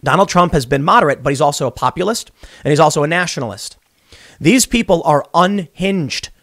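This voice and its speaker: A young man hosting a podcast, giving opinionated political commentary in a rambling, animated way with many restarts, recorded in a small closet studio. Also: a little high, brisk, creaky, dry recording. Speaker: podcast host.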